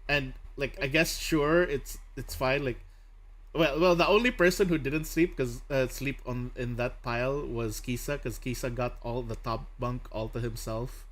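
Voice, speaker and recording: A man's voice: medium pitch, normal speed. A young man chatting casually as a streamer host, telling stories with lots of laughter and acted-out quotes. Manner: laughs often, animated storytelling with voiced quotes. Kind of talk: casual chat while drawing.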